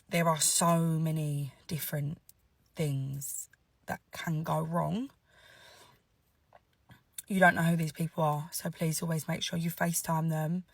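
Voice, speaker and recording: A woman gives earnest advice to viewers, stressing points by repeating words. Her voice is low and full of vocal fry. She sits somewhat back from the mic in a dry space. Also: no room sound, distant mic.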